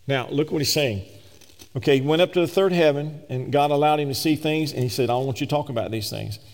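A man preaching a sermon, swinging between emphatic raised peaks and slow, low scripture reading. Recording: long reverb of a large hall.

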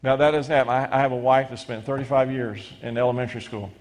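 A middle-aged male pastor preaching a sermon, animated and stumbling into quick restarts as he reads scripture and explains it. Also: medium pitch. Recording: long hall reverb.

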